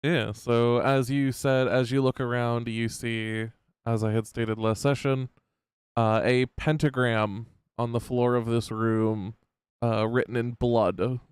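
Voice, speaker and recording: A man narrates as game master of a tabletop game. His voice is smooth and resonant and sits close to the mic with no room sound. He talks at an easy pace with frequent pauses and fillers. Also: medium pitch, no echo. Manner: relaxed, halting narration with fillers.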